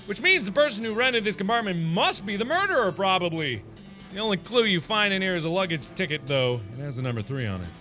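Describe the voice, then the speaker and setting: A man hosting a let's play, reading a text game aloud and joking about it. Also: high voice. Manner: animated, joking.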